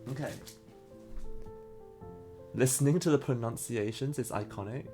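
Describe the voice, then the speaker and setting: A man's voice: mid-range voice, a little slow, mellow, soft background music. Chatty man opening card packs on stream. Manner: chatty, reacts to pulls and reads chat; unsure of pronunciations, laughs often. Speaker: streamer opening trading cards. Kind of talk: casual live-stream chat.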